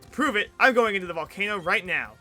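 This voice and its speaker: A man's voice: high voice, lively intonation, quick pace, sharp tone, faint music behind, exaggerated voice. A man voicing a cocky, boastful young male trainer from a video game.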